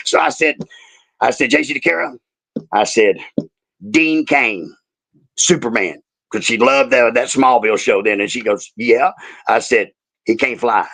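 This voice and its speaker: Middle-aged ex-wrestler guest, gravelly and animated, bright edge, profane storyteller. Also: male voice, on the high side. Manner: animated, profane, laughs loudly. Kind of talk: casual storytelling chat.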